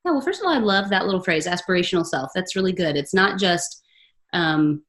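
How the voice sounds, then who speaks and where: A woman's voice: fairly low pitch, lively intonation, fairly quick, a bit bright. A middle-aged woman, a podcast guest, telling personal stories in an earnest, chatty way and laughing often. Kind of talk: casual interview chat.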